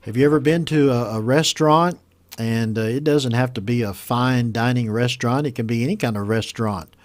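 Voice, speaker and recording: A man teaches English words at a steady middle pitch, going slowly and saying each word more than once. His voice is recorded close and dry, with no room sound. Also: no room sound. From United States. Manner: slow, patient explanation with repeated model words. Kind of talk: teaching vocabulary from a news story.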